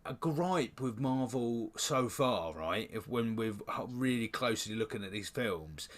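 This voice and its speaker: Ranting British podcast co-host. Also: male voice, medium pitch, a little slow. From United Kingdom. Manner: animated, ranting, swears freely. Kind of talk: casual chat.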